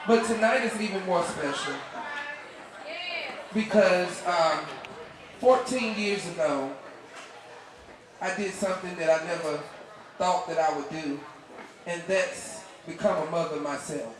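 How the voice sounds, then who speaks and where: A woman in her thirties, a singer and bandleader, speaking from the stage in a heartfelt, halting way and choked up with emotion. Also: on the low side, noisy background. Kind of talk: stage talk at a live concert. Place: bar stage with a live audience. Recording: echoey live club recording from far off, loud band and crowd.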